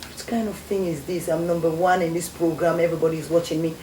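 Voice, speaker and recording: Sierra leonean woman, lowish mellow voice, telling a story in a roomy echoey studio. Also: fast talker. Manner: animated storyteller acting out quoted voices. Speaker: guest, former beauty queen. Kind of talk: storytelling interview. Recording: echoey studio with faint noise.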